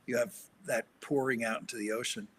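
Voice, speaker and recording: A man's voice: mid-range voice, steady tone, brisk, fairly bright tone, breathy edge. An older man speaking as the guest counselor in an interview, direct and storytelling. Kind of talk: interview conversation.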